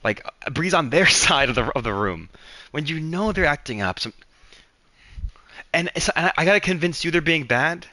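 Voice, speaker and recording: A young man hosting a livestream, telling a story in an animated, exasperated rant. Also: a little high, moderate pace, no echo. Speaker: livestream host.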